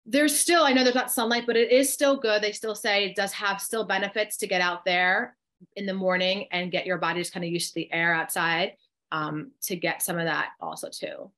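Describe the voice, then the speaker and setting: A woman's voice: mid-range voice, steady tone, normal speed, a bit bright. A middle-aged woman with a New Jersey accent leads a live online workshop over a video call. She speaks in an encouraging way, reacts to chat comments and talks listeners through breathing exercises one step at a time. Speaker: co-host and coach.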